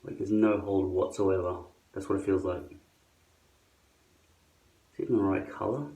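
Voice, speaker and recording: A man walks his viewers through applying a hairpiece in a casual monologue, muttering sardonic complaints and cursing frequently. His low voice is dark and steady at a moderate pace, recorded at a distance in an echoey space.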